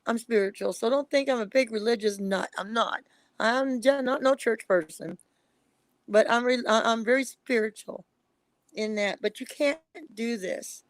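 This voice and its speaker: High-voiced woman, emphatic and pleading. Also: normal speed, dry recording. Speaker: psychic reader, guest on a live stream. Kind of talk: emotional casual live-stream talk.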